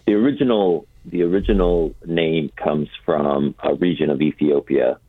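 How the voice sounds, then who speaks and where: A man with a very deep, slightly husky voice joins a radio show by phone. He explains things patiently and hesitantly, filling pauses with ums. The dry, tinny phone line narrows his sound. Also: fairly even intonation, dry recording. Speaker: guest, coffee roaster. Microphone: telephone.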